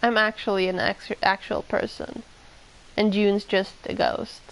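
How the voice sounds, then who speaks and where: A woman's voice: mid-range voice, flat delivery, a little slow, gravelly, rough recording. A woman streaming a video game, reading the text aloud and then musing casually, with some swearing.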